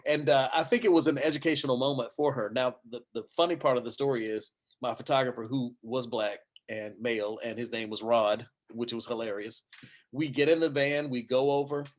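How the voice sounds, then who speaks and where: A man who is a news anchor, telling a personal story at a panel discussion and acting out the quoted voices. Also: medium pitch. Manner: animated anecdote telling with acted quotes.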